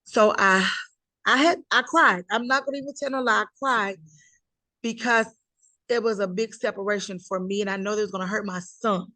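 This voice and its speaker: A woman's voice: mid-range voice, normal speed, pushed and bright, dry recording. A middle-aged woman tells her story in an interview with emphatic delivery. She acts out the people she quotes. The recording is dry and close. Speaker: guest telling her life story. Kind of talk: conversational interview.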